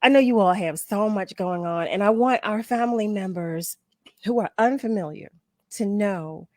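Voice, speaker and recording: Woman radio host, mid pitch, bubbly and rambling, laughs a lot, dry close mic. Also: normal speed, no echo. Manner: excitable, laughs often, rambling restarts. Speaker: radio talk show host. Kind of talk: casual talk radio chat.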